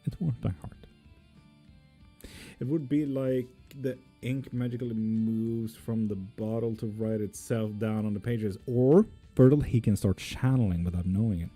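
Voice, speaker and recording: Laid-back dark-voiced tarot streamer. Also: male voice, lowish voice, moderate pace, husky, faint music behind. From not Swedish. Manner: relaxed, reads out comments and answers them, swears casually. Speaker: tarot reader answering live chat. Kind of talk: casual live-stream chat.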